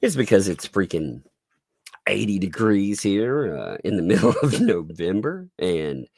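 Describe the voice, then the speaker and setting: A middle-aged man hosting a live-stream commentary, sarcastic and quick to laugh and swear, his voice congested from sinus trouble. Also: on the low side, very animated, gravelly, a little mellow, no room sound, clean studio sound. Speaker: online commentary host.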